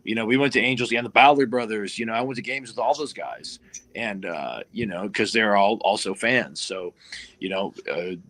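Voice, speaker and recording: A man, a guest in a casual chat, recalling old times fondly and relaxed with many fillers. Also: lowish voice, moderate pace. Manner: relaxed, fond, filler-heavy.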